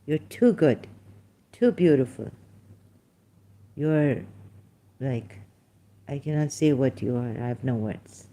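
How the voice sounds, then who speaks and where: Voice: mid-range voice, takes it slowly, pauses often, warm tone. A livestream host effusively thanking a viewer, repeating the thanks, laughing often and slipping into Hindi phrases.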